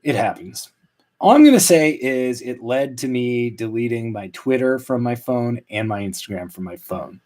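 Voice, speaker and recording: A man in his late thirties talks through a solo comedy podcast, rambling and self-mocking. His delivery is deadpan, but his pitch swings widely from line to line. It is a mid-pitched voice with nothing unusual in its tone. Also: moderate pace. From Canada. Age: 30s. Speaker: podcast host. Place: at home.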